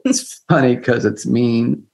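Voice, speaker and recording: A man's voice: medium pitch, expressive, slow, creaky, a little mellow. A man co-hosting a podcast interview, who speaks in a reflective, admiring way. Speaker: podcast co-host.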